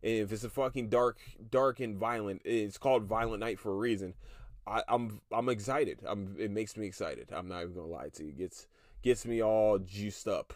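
A man's voice: lowish voice, normal speed, dry recording, studio quality. A man in his thirties hosting a solo podcast, ranting with heavy profanity and breaking into laughter. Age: 30s. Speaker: podcast host.

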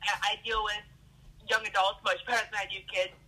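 Candid female college coach, husky voice with a sharp edge. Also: medium pitch, little pitch movement, brisk, poor audio. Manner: candid, thoughtful. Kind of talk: casual conversation.

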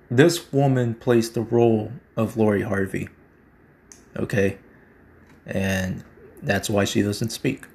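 A man's voice: fairly low pitch, creaky, a little mellow. A man hosting his own show, delivering a slangy, emphatic conspiracy monologue and repeating his points. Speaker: podcast host.

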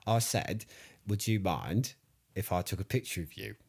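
Husky, deep-voiced man. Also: normal speed, darkish tone. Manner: boastful, rambling, hesitant. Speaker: comic interviewee. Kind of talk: improvised comedy chat.

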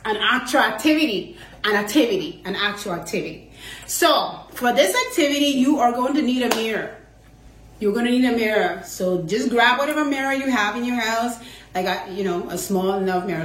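A woman's voice: on the high side, fairly quick. A woman hosting an inspirational talk episode, heartfelt and chatty, laughing often as she encourages listeners. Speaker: host. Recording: roomy echo.

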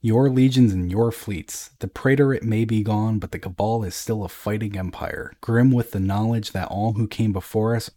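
A man's voice: on the low side, fairly even intonation, moderate pace, hardly any pauses, natural voice. A man playing a bellowing drunken emperor. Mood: mocking. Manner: loud, jeering, theatrical outbursts. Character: boisterous drunken male emperor, bellowing and mocking.

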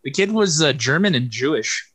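A man's voice: fairly high pitch, expressive, moderate pace, fairly bright tone. A young man co-hosting a casual podcast, hesitant and giggly. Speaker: podcast co-host. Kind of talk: casual chat.

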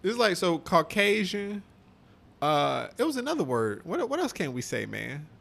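A man's voice: sits high, sing-song, moderate pace, creaky, a bit bright. A young man co-hosting a podcast, rambling in a loose, profane casual chat full of "like" and "man". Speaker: podcast co-host.

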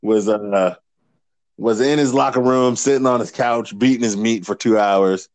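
A man co-hosting a casual podcast, telling stories in a profane, animated way. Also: mid-range voice, normal speed, dry recording. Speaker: podcast co-host. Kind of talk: casual chat.

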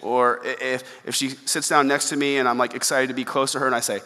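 Bright-voiced male pastor in a reverberant hall. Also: medium pitch, fast talker, a little hiss or hum. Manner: conversational, animated, acts out quoted exclamations. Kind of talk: sermon.

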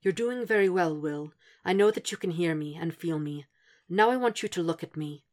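A woman voices a composed, suave older male psychiatrist in this audiobook reading. He speaks in a low, hushed voice, measured and soothing, never raised. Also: lightly acted.

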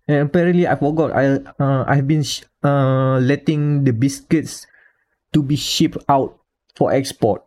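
A man's voice: mid-range voice, steady tone, measured pace, a little mellow. A man with a Malaysian English accent, co-hosting a casual podcast panel and talking at length with restarts and small chuckles. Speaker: podcast co-host.

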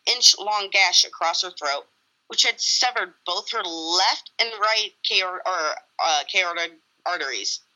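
A woman's voice: fairly low pitch, measured pace, bright, forceful tone, low-quality recording. A woman co-hosting a casual true-crime chat, blunt and emphatic.

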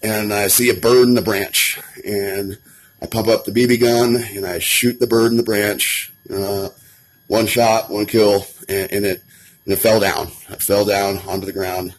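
Man sharing his recovery story, low husky voice, raw and earnest, swears a lot. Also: flat delivery, a little slow. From Colorado, USA. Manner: earnest and emotional, swears often, many restarts. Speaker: person in addiction recovery.

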